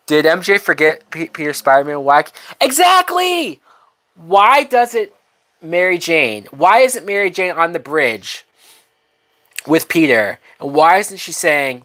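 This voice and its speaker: Woman, movie reaction host, blunt, profane, unhurried delivery, very animated pitch. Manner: blunt, swears often, laughs a lot. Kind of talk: live watch-along commentary.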